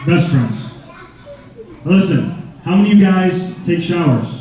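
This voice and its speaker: A man speaking to schoolchildren at an assembly, lively and acting out scenes, calling the kids "guys" as he talks into a handheld mic. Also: high voice, unhurried, background noise. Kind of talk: animated storytelling talk to children. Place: school gym or assembly hall. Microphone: handheld microphone. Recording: echoey hall from far off, dull sound.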